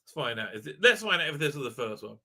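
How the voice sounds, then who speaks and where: A man's voice: mid-range voice, big pitch swings, fast talker, bright, forceful tone. A man hosting a livestream review, talking in a sarcastic, rambling way with lots of fillers and tag questions. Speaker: host, reviewer.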